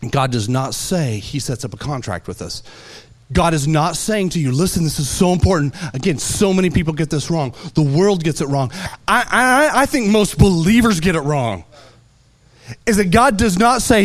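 Guy preaching, pretty high voice, animated and jokey, lots of little asides. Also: normal speed. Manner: animated, playful storytelling with asides. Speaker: pastor. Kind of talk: sermon.

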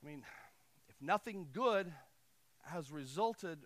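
A male pastor delivering a sermon with a high, ringing voice. He preaches with passion, punching key lines loudly and then dropping to soft, intimate asides. His tone stays bright and forceful throughout. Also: expressive, takes it slowly. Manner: impassioned preaching, swinging between loud emphasis and quiet asides.

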